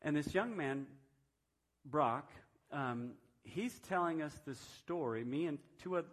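Casting note: man in his fifties, preacher sharing testimony, slightly high voice, casual storytelling. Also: lively intonation, takes it slowly. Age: 50s. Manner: conversational storytelling with frequent restarts; self-described reserved personality. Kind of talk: sermon testimony.

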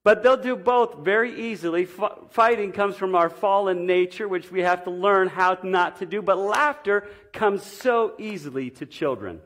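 A middle-aged man giving a sermon, telling a personal story earnestly and swinging between emphatic and hushed delivery. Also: high voice, normal speed, hardly any pauses. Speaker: pastor.

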